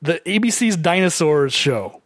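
A man's voice: fairly high pitch, expressive, a little slow, fairly bright tone, no echo, clean studio sound. A man co-hosting a podcast, chatting casually about a movie and laughing often as he rambles. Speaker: podcast co-host. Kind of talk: casual movie commentary chat.

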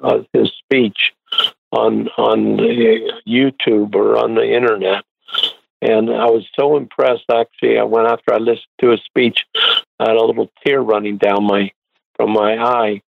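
Gravelly man on a tinny phone line. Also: fairly low pitch, level tone. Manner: halting, with restarts and fillers. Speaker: guest.

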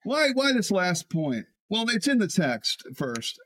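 A man, a pastor, preaching a sermon in an animated way, often repeating words as he builds a point. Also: high-pitched, measured pace, few pauses.

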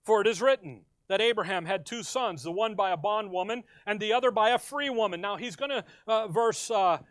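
High-pitched guy preaching, dry close sound, gets loud then drops way down. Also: fairly quick, dry recording. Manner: dynamic, swings between loud emphasis and quiet asides. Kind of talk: verse-by-verse sermon.

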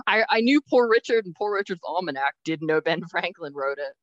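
A woman's voice: lowish voice, animated, brisk, no echo. A woman co-hosting a podcast, making wry, joking asides in casual chat. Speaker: podcast co-host. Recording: slightly dull lo-fi sound.

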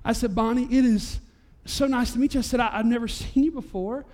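In a church sanctuary, a male pastor preaches a sermon, telling a story with animation at a slightly fast pace. At the high points his voice climbs almost to a shout.

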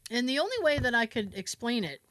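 A woman's voice: a little high, big pitch swings, fast, fairly bright tone, no echo. A woman hosting a podcast, telling a story in casual chat, acting out quotes, laughing often and swearing freely. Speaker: podcast host.

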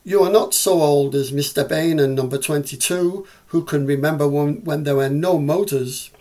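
A man's voice: a little high, moderate pace, darkish tone, natural voice. A man with a Scouse accent reading the part of a curious small boy who questions his older self. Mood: inquisitive.

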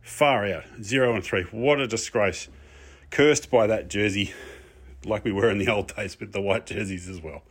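A fed-up fan lord, pompous and exasperated, ranting and swearing, as a man puts him on. His voice sits a little low. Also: normal speed, breathy edge. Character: frustrated pompous fan persona, grown man. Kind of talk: pre-recorded comic rant segment.

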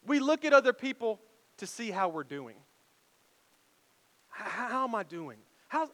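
A male pastor delivering a sermon in a conversational, animated way, throwing rhetorical questions to the room. His voice sits very high for a man. A long reverb from the church sanctuary hangs behind his words. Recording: echoey hall reverb.

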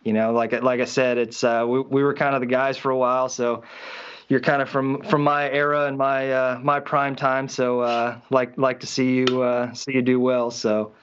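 A man's voice: medium pitch, level tone, moderate pace, fairly bright tone, smooth, dull audio. A man hosting a podcast and chatting with a fellow racer in an easygoing, rambling way. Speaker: podcast host, flat track racer. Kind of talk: casual podcast chat.

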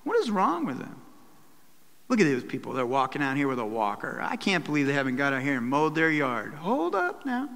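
A man's voice: mid-range voice, big pitch swings, brisk, few pauses, a bit bright, in a large hall. A man preaching a sermon to a church, breaking into acted asides and quoted voices. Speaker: pastor. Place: church hall.

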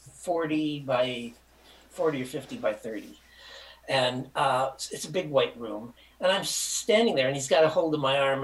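A man's voice: mid-range voice, low-quality recording. Older man spinning a rambling anecdote. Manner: rambling, animated, acts out quotes. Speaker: interview guest. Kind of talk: casual anecdotal storytelling.

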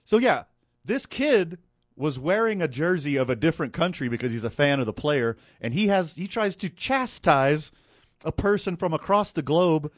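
A man hosting a podcast in casual chat, animated and joking, drifting into asides. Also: on the high side, moderate pace, dry recording. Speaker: podcast host.

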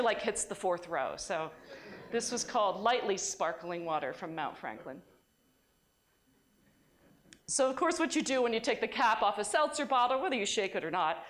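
A woman giving a university science lecture in a conversational way, often restarting her sentences. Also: medium pitch. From United States.

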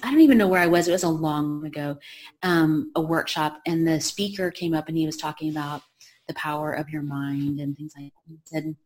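A woman author and women's health coach, a podcast guest, telling stories in a lively anecdotal way. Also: deep voice, fairly quick. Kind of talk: storytelling in an interview.

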